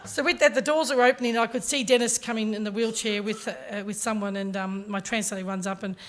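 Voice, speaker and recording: A woman telling a story in an animated, chatty way as a conference speaker. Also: medium pitch, fast talker. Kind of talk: storytelling keynote.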